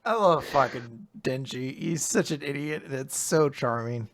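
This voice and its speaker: A man co-hosting a podcast in casual chat, joking and teasing his partner. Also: medium pitch. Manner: joking, quick to tease. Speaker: podcast co-host.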